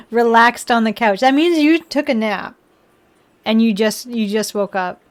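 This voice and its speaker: A young woman hosts a relaxed model-building livestream, giggling as she teases her viewers and her cat. Her voice sits a little high, and she talks at a slow, unhurried pace. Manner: giggly, teasing, chatty with viewers and pets. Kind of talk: casual livestream chat.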